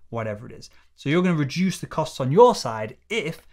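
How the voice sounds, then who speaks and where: A man's voice: on the high side, animated, quick pace, hardly any pauses, a little mellow. A man teaching sales, talking in a confident, coaching way and acting out short exchanges between buyer and seller. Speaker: sales trainer. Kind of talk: scripted sales tutorial to camera.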